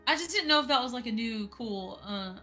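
A woman's voice: on the high side, lively intonation, fairly quick, bright, forceful tone, faint music behind. A woman chatting casually on a live stream, rambling with lots of fillers.

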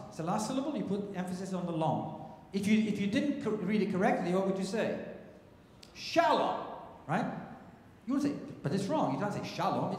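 A man's voice: high voice, a little mellow. A man, a cantor and composer, telling stories and teaching the audience in a chatty, humorous way. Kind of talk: storytelling lecture to a synagogue audience. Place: large synagogue sanctuary. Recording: echoey sanctuary with long reverb, faint noise.

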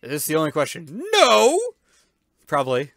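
A gaming YouTuber doing let's-play commentary, loud and excitable, with playful yelps, silly noises and sound effects. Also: mid-range voice, normal speed, no room sound, studio quality.

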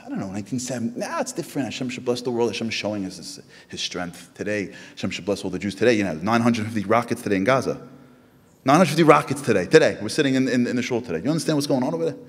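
Casting note: American man, storytelling speaker, very lively pitch, slightly husky, long hall reverb. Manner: animated, acts out quoted voices in a high pitch. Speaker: Jewish speaker. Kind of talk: storytelling talk to an audience.

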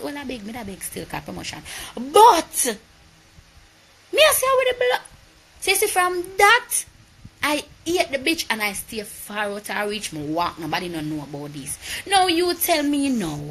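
A Jamaican woman tells a heated, profane story to her viewers in a live video. Her voice is bright and forceful and sits a little high. A faint hum of room noise sits behind her. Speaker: vlogger.

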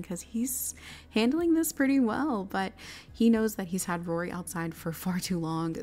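A woman's voice: mid-range voice, warm tone. A young woman casually narrating her life-sim game play, chatty and often laughing. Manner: chatty, giggly, bubbly.

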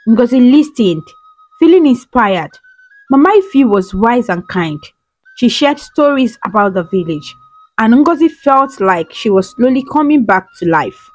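A woman telling a folktale in steady, scripted storybook narration. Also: on the high side, unhurried, highs cut off. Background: faint background music.

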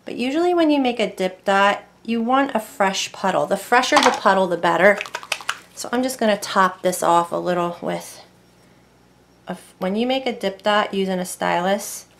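A woman talks through a painting lesson in a relaxed, chatty way, thinking aloud as she paints. Her voice has a gravelly edge at an ordinary pitch. A faint hiss of room noise sits under the close mic. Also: moderate pace. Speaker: craft painting teacher. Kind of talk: casual painting tutorial.

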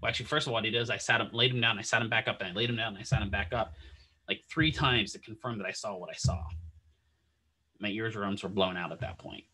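A man's voice: fairly low pitch, quick pace, husky. A man teaching physical therapy, telling a long clinical story in a casual lecture style and acting out the dialogue as he goes. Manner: animated anecdote-telling, acts out quoted dialogue.

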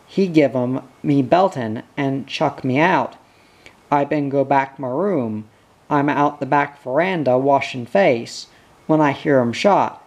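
A frightened man from the outback pleads his innocence in broken, halting English, as a reader puts him on. His speech comes slowly, full of restarts and repeated words. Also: mid-range voice, darkish tone. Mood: pleading. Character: frightened male outback stockman accused of murder.

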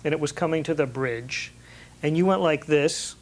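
Curious male interviewer, slightly high. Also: moderate pace. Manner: curious, asks searching questions, short affirmations. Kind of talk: casual interview.

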